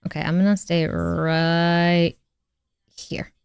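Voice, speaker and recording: A woman's voice: fairly low pitch, flat delivery, takes it slowly, gravelly, clear, resonant tone. A woman streaming a game, reacting casually and emotionally, gushing and swearing freely as she talks to her chat.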